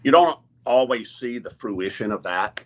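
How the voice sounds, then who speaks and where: A man's voice: medium pitch, expressive, measured pace. A man who is a college athletic director, talking earnestly as a guest on a sports talk show, stopping and restarting often with lots of fillers.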